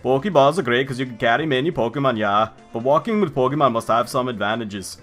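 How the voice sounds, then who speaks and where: A fussy, bumbling Pokemon professor speaks in a clumsy fake Swedish accent, put on by a man. He tacks "yeah" onto his lines. The voice is bright and sharp, with faint music underneath. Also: mid-range voice, lightly acted. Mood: eager. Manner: deliberately poor mock-Swedish accent, tags lines with "yeah". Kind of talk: let's play character voice.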